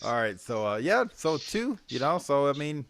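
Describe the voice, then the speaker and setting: A man's voice: mid-range voice, big pitch swings, moderate pace, fairly bright tone, a little hiss or hum. A man co-hosting a casual comic book review chat, laid-back and slangy, laughing often.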